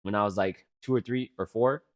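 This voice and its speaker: Lowish and fairly quick, the voice belongs to a man in his twenties co-hosting a podcast. He rambles through profane anecdotes with animated energy and plenty of fillers in casual talk.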